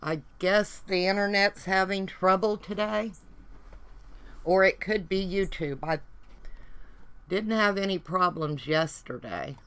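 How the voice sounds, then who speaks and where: A woman's voice: medium pitch, takes it slowly, long pauses, a bit bright, clear, resonant tone. A middle-aged woman with a Southern accent, chatting folksily to her livestream viewers while she works on a craft project. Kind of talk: casual chat while crafting.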